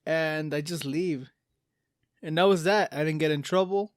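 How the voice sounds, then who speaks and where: A man with a somewhat high voice co-hosting a podcast in casual chat. He talks bluntly and confidently, recorded dry and close. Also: normal speed, no room sound. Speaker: podcast co-host.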